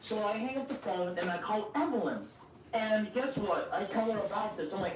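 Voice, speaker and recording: A young woman telling a story in casual chat, animated, swearing a lot and acting out both sides of an argument. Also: medium pitch, normal speed. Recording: roomy, from a distance, faint noise.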